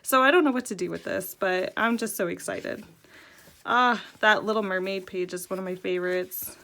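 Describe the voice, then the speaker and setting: Her voice gravelly and at normal speed, a young adult woman hosts a laid-back show-and-tell video, giggling excitedly, with her pitch jumping high when she gets thrilled.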